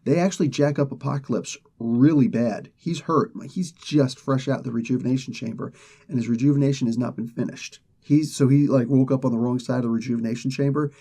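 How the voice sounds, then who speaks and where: A man recaps a comic book plot in a relaxed, rambling way. His voice is mellow and dark, and it sits in a middle pitch. He keeps breaking off to act out what the characters say. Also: brisk. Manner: loose, rambling retelling with acted quotes.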